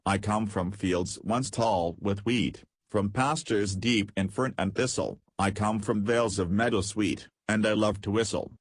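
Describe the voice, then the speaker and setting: A man voicing a soft-spoken little bird. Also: lowish voice, unhurried, hardly any pauses, dry recording. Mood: gentle. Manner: soft, gentle, well-mannered. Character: small gentle hen bird, soft and musical. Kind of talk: audiobook character voice.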